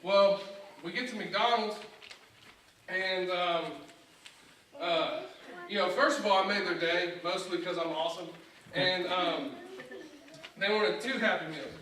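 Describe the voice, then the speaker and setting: A young man with a high, bright voice tells self-mocking family stories as stand-up comedy. His voice bounces around an echoey church sanctuary, picked up from some distance by a room mic. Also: unhurried, pauses often, slight background noise. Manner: self-mocking, storytelling with acted-out dialogue. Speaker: guest comedian. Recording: echoey church hall from far off.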